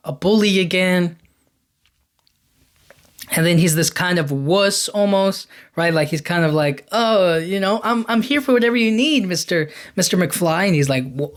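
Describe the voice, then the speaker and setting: A man hosting a podcast, casually retelling a film's plot in a rambling, enthusiastic way, slipping into quick quoted lines. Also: fairly high pitch. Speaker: podcast host. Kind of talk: casual movie recap.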